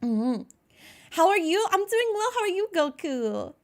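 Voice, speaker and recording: A woman's voice: very high-pitched, very animated, a little slow. A young American woman streaming live, chatting casually, greeting viewers by name and laughing at herself. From United States.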